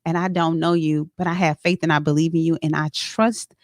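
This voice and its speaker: A woman's voice: deep voice, flat delivery, fairly quick, no room sound. A woman author being interviewed in a studio, speaking earnestly and pouring out heartfelt thanks, with frequent restarts. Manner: earnest and effusively grateful, with many restarts. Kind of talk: casual interview chat.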